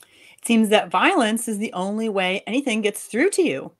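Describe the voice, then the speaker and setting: A woman's voice: mid-range voice, lively intonation, moderate pace, natural voice. A woman in a live reading, voicing an angry, sarcastic wife and mother scolding her husband. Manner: sharp, sarcastic.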